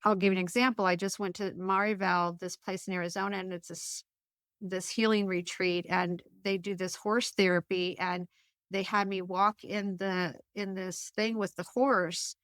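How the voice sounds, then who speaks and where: A woman's voice: mid-range voice, steady tone, normal speed, a bit bright, no room sound, clean studio sound. A woman talking as an interview guest, telling personal stories in a chatty way with frequent restarts and fillers. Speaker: guest, author. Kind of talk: casual conversational interview.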